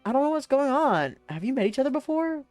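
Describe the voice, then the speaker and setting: A woman's voice: big pitch swings, quick pace, a little mellow, no echo, faint music behind. A woman voicing Liz, a lost and confused young woman in a game. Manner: high and bewildered.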